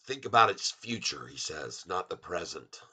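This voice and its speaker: A man hosting a casual livestream about stocks. He talks in an excitable, rambling way, with loud exclamations and restarts. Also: low voice, moderate pace, breathy edge. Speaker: stock market vlogger and songwriter.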